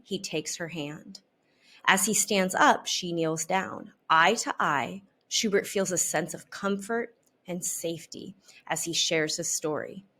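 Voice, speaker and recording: A woman reading a children's storybook aloud in an expressive, unhurried way. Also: lowish voice. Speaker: storybook reader.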